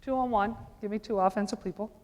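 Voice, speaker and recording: A woman basketball coach running a clinic, giving brisk commands and repeating urgent calls as players run drills. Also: mid-range voice, fairly even intonation. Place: large indoor gym. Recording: long echoing gym reverb.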